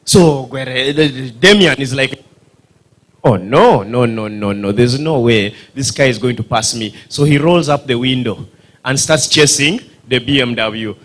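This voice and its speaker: A man's voice: mid-range voice, measured pace, fairly bright tone. A man with a Ugandan accent, doing stand-up comedy storytelling at a dinner event, acting out voices and sound effects and quizzing the audience. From northern Uganda.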